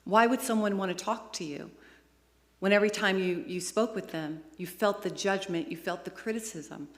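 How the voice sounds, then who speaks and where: A woman's voice: medium pitch, normal speed. Woman preaching in an echoing hall. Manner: emotional storytelling, rising to excited peaks. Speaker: guest speaker. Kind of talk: sermon. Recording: long hall reverb.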